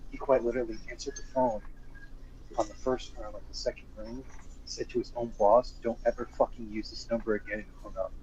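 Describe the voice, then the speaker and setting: A man with a low voice tells an anecdote in a quick, deadpan way during a casual chat. His audio is dull and lo-fi, picked up from off-mic, with faint noise behind it.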